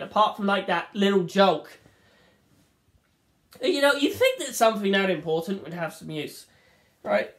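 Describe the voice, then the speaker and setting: A woman reviewing a film in a rambling, casual monologue, swearing freely and acting out the scenes. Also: mid-range voice.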